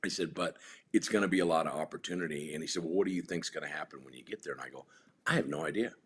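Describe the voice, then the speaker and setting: Very deep-voiced man telling rambling stories. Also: very fast, a bit bright, husky. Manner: rambling anecdotes with many restarts. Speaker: guest. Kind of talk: casual storytelling chat.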